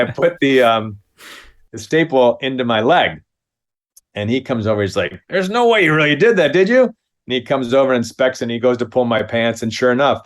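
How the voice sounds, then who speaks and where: Brief: fifties male comic actor from Minnesota, mid-pitched, spinning an animated anecdote with chuckles and acted-out voices. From Minnesota, USA. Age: 50s. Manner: lively anecdote, acts out the other voices with big pitch jumps, chuckles. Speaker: guest, comedy actor. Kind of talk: casual storytelling.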